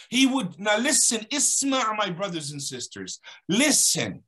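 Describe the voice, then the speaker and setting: A man speaks as a guest on an Islamic talk show. His voice has a bright, forceful edge. He tells a story with lively, dramatic emphasis that rises and falls. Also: sits high, a little slow, few pauses.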